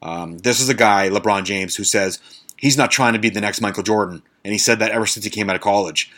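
A man's voice: fairly low pitch, fast, fairly bright tone. A man hosting a casual monologue podcast, blunt and sarcastic, swearing freely and stumbling over fancy words. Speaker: podcast host.

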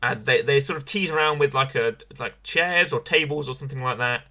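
A man with a bright, forceful voice talks through a wrestling review in loose, casual podcast chat. He circles back on his own phrases, restarting and repeating as he goes. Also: mid-range voice, fairly quick. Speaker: podcast co-host.

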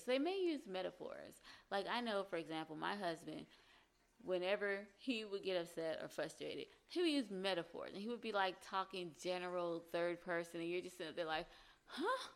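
A woman with a fairly low voice talks through relationship advice in a casual, conversational way. She slips into short acted examples of what partners might say. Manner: conversational, acts out example dialogue. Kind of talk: advice talk to camera.

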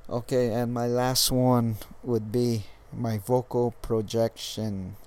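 A young man from Hawaii who speaks with a Californian accent, talking to the camera in a casual vlog. His voice sits at an ordinary middle pitch, and he is laid-back and profane, stalling and restarting his sentences as he goes. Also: level tone, takes it slowly, darkish tone, clean tone. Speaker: dating coach vlogger.

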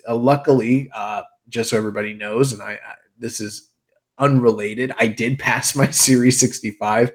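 A man's voice: mid-range voice, fairly even intonation, moderate pace. Young guy cohosting a podcast, rambly and laughy, swears a lot, mid voice. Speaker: podcast co-host. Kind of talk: casual podcast chat.

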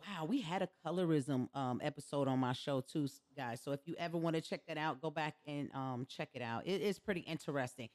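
A woman's voice: low-pitched, brisk, few pauses. A woman hosting a podcast, talking casually and telling stories with quoted asides. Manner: conversational, animated storytelling with quoted asides. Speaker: podcast host. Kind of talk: casual chat.

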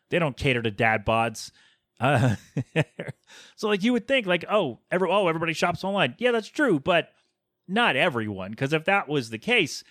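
Solo podcast host, thirties male, mid-pitched, rambling and exasperated, close dry mic. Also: a bit bright, no room sound. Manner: rambling, chatty, exasperated asides.

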